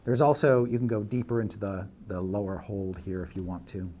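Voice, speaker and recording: A man's voice: lowish voice, fairly even intonation, brisk, warm tone, slight background noise. A man narrating a tabletop game as dungeon master, setting scenes in detail with frequent fillers.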